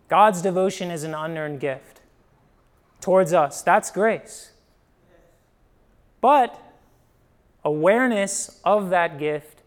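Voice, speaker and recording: This young Midwestern man, a pastor from Ohio, preaches in a chatty, story-driven way, his high-sitting voice swinging from emphatic bursts to quiet drops as he keeps asking "right?".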